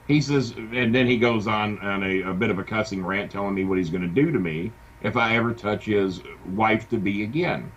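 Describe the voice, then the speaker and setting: A middle-aged man, a wrestling manager telling an animated story in a casual interview. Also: on the low side, a little fast, few pauses. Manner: animated anecdote-telling with acted quotes. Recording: dull lo-fi sound with faint hiss.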